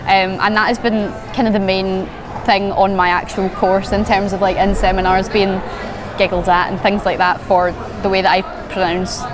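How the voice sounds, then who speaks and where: A woman's voice: medium pitch, level tone, normal speed, noisy background. A young woman with a Scottish accent, a university student, speaking candidly and a bit ruefully. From Ayrshire, Scotland. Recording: music behind. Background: music.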